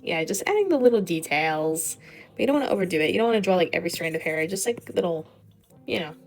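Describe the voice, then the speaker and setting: A young woman with a lowish voice rambles casually over her drawing, full of filler words and easy swearing. Faint music plays softly behind her. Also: expressive, fast talker. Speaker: digital artist.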